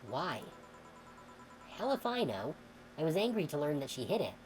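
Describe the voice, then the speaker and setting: A woman streamer reading a game's dialogue aloud, expressive and sometimes heated. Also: low voice, moderate pace, slight background noise, poor audio. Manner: expressive, swings into heated outbursts when reading.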